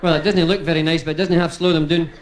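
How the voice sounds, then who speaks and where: A man's voice: fairly high pitch, level tone, quick pace, slight background noise. A male stand-up comedian from Dundee with a Dundee Scottish accent, telling chatty jokes to a live crowd. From Dundee, Scotland. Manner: chatty, punchline-driven storytelling to a crowd.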